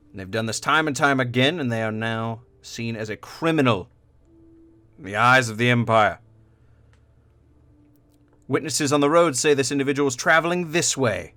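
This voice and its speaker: A man voicing a gruff, bossy imperial knight who threatens and curses. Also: medium pitch, sharp tone, no echo.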